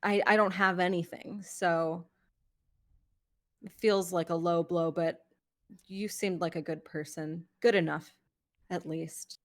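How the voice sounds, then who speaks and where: A woman playing a tabletop game, speaking hesitantly with frequent pauses and fillers. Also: on the low side, steady tone. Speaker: player.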